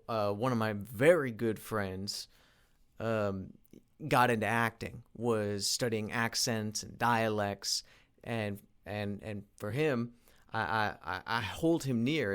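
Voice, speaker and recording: A man talking through a reflective solo monologue, halting with frequent restarts and repeated words, earnest in tone. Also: medium pitch. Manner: earnest, self-motivating. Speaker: independent voice actor and producer.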